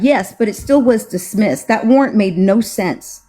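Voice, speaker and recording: A woman's voice: on the high side, animated, normal speed, dark tone. A woman on a casual livestream, sassy and emphatic, roasting the people she talks about. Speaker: friend co-hosting the live. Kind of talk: casual live chat.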